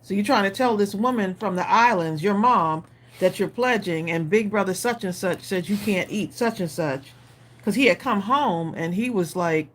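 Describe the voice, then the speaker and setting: A woman's voice: mid-range voice, normal speed. Chatty woman co-host reacting. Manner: chatty, reacts with short murmurs and laughs. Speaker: co-host of a live craft stream. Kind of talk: casual chat.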